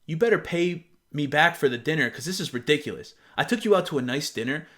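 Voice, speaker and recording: A man reading out the texts of an entitled, bitter young man who hurls insults, in a flat, resentful tone. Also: on the high side, quick pace.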